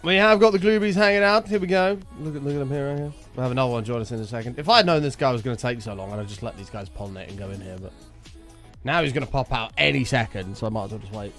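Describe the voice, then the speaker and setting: A man's voice: medium pitch, very fast, a bit bright, soft background music. A man chatting casually while streaming gameplay, rambling into sweary stories from his school days.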